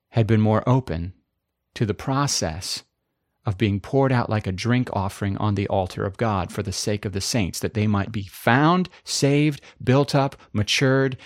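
A man's voice: fairly low pitch, no room sound, studio quality. A man preaching a sermon with impassioned, emphatic repetition. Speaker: pastor.

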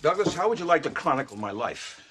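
A man's voice: on the high side, very animated, quick pace. An older man playing a pompous, self-important father who speaks in grandiose phrases. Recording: noisy TV sitcom audio.

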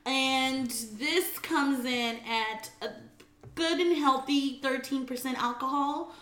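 A woman's voice: high voice, takes it slowly, fairly bright tone, reverberant. A woman co-hosting a casual podcast, telling stories with enthusiasm. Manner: enthusiastic, storytelling. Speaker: podcast co-host. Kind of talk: casual drinking chat.

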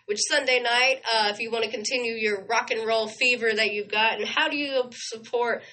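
Gushing, bright-voiced woman host. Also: on the high side, fairly even intonation, normal speed, poor audio. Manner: chatty, gushing storyteller. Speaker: radio show co-host. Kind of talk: casual on-air chat.

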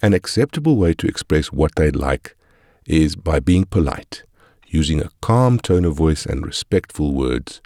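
An audiobook narrator with an extremely deep, slightly mellow voice reads a scripted parenting guide in measured, instructive short phrases with lively intonation. The recording is dry and close, with no room sound or echo.

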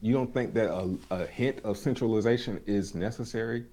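A man in casual podcast chat, laid-back and rambling, often restarting his sentences and using relaxed slang. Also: fairly low pitch, fairly quick.

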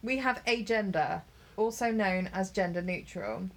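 A woman's voice: medium pitch, unhurried. A woman co-hosting a casual podcast chat, working through a list of terms in a chatty way and laughing easily. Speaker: podcast co-host.

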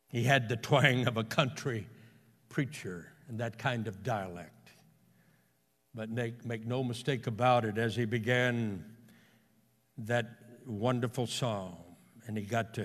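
A man, a pastor, delivering a sermon in a church, moving between hushed storytelling and loud, fervent exclamations. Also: mid-range voice, measured pace. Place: church sanctuary. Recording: long hall reverb in a church.

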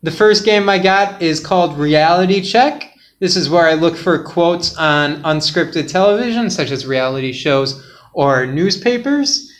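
Podcast host, man, slightly high voice, laid-back and joking, quiz-game banter. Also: unhurried. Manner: joking, laid-back, sometimes trails off quietly. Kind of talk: casual podcast chat.

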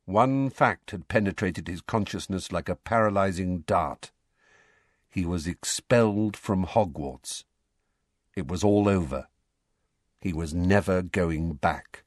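A man narrating a novel aloud in an expressive storybook style. His pitch rises and falls in an animated way. The recording is dry and close. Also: no echo. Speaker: audiobook reader.

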